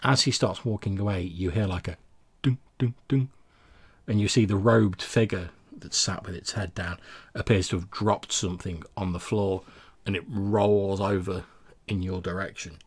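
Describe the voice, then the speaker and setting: A man narrates as game master of a tabletop game, describing scenes with small halting restarts. His voice is deep and husky. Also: steady tone.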